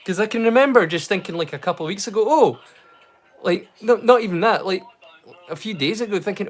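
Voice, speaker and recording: Man with a high voice, livestream host; chatty, excitable, stop-start delivery with a hidden stammer. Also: fast talker. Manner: hesitant, many fillers and restarts; mild stammer he keeps hidden. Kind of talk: casual livestream chat.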